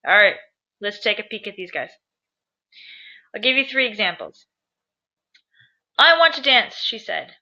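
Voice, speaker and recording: Bright-voiced woman teaching grammar. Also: mid-range voice, lively intonation, normal speed, long pauses. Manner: chatty, upbeat, asks viewers questions. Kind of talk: grammar lesson to camera. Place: at home. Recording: dull lo-fi sound.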